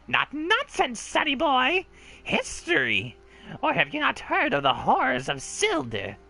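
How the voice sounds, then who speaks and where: A woman's voice: high voice, huge pitch swings, measured pace, creaky, sharp tone, full character voice. A woman voicing a bitter, grieving old mother with a rustic crone dialect. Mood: grim. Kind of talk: reading game dialogue aloud in character.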